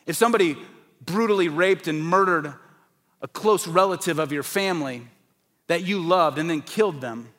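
A male preacher with a fairly high-pitched voice delivers an evangelistic sermon. He is emphatic, building to forceful, raised peaks and then dropping low, and he sometimes acts out the voices of doubters. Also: normal speed.

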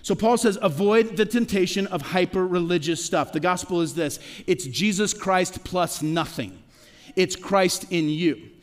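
A middle-aged man preaching a sermon as pastor, talking conversationally with rhetorical questions and quick stammered restarts. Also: sits high. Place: church sanctuary. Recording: long reverb of a large hall.

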